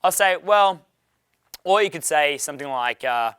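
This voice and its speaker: A man's voice: a little high, expressive, moderate pace, fairly bright tone, clean tone, no room sound. A young man running a dating seminar Q&A, brash and profane, laughing often. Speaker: dating coach. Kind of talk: live seminar Q&A.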